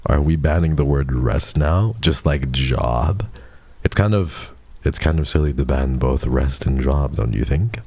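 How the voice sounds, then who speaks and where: A young man in his twenties chats casually with his stream audience. His voice sits very low, and the recording is dry with no room sound. He teases his viewers in playful mock outrage. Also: unhurried, darkish tone, breathy edge, no echo. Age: 20s.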